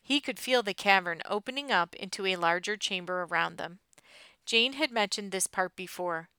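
A woman reads an adventure story aloud with expressive storytelling. Her voice is bright and crisp, close to the mic in a dry studio sound. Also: medium pitch, normal speed, no room sound. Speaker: audiobook narrator. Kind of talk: scripted narration.

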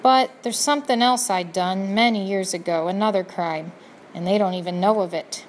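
A woman voicing a poor, remorseful older male prisoner who talks roughly and plainly, sniffing, in a storybook reading. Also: medium pitch, normal speed, slight background noise, natural voice.

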